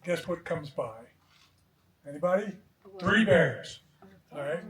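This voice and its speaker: A man's voice: sits high, expressive, measured pace, long pauses. Chuckling man telling stories at a memorial. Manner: chuckling anecdotal storytelling. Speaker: eulogy speaker. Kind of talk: joking memorial speech. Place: outdoor deck at a memorial gathering. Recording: echoey, distant, crowd behind.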